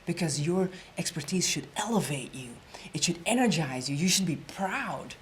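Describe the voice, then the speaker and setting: Woman presentation coach, lowish voice, high energy, repeats lines, whispers key points for emphasis. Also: expressive, normal speed, slight background noise. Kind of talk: storytelling workshop lecture.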